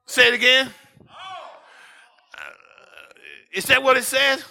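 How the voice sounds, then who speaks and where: A man preaching a charismatic sermon in a church, shouting and whooping in bursts, then dropping to quiet storytelling. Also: very high-pitched, slow pace, creaky, long pauses. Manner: speaks in tongues. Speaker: pastor. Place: church sanctuary.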